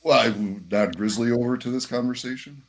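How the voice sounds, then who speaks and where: A man's voice: mid-range voice, fairly quick. A man playing a tabletop role-playing game, talking tentatively and correcting himself. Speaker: player.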